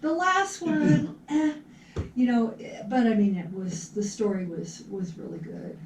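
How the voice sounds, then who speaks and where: A woman's voice: fairly high pitch, a little slow. A woman co-hosting a casual movie talk show, chatty and easily laughing, often trailing off mid-sentence. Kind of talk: casual chat about movies. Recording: echoey room, far from the mic, faint background noise.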